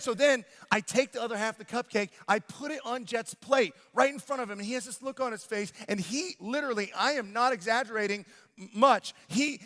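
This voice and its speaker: A man in his thirties preaching a sermon, telling a family story with lively acted-out voices and sudden loud exclamations. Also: high voice, a little fast. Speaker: pastor. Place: church sanctuary. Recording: long reverb of a large church hall.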